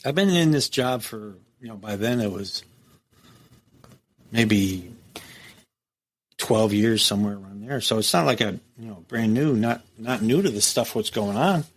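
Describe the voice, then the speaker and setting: A middle-aged man from the United States, a former prison captain, telling a story as a podcast guest in a casual, profane, animated way. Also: on the low side, measured pace, pauses often. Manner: profane, animated storytelling, acts out quoted dialogue.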